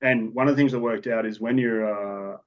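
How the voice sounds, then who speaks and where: A low-pitched Australian man recounts his police work in a podcast interview. He talks matter-of-factly and rambles, often restarting his sentences. The recording sounds dull and lo-fi. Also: steady tone, a little fast. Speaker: police officer guest.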